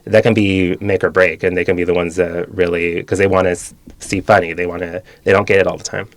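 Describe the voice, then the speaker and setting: A young man, a stand-up comedian from California, talking as a guest in a casual interview, quick and animated with frequent restarts. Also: deep voice, no echo. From Bakersfield, California. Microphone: studio mic.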